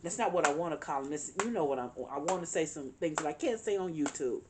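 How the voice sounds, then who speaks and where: A woman's voice: sits low, lively intonation, fast talker, background noise. A woman giving a tarot reading, speaking earnestly and emphatically, repeating her points and calling on spirit guides. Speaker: tarot reader.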